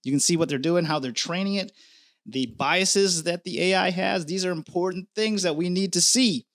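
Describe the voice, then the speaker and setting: A middle-aged man from the United States hosting a casual news commentary vlog, chatty and animated, talking straight to his viewers. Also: high-pitched, normal speed, no echo, clean studio sound. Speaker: news channel host.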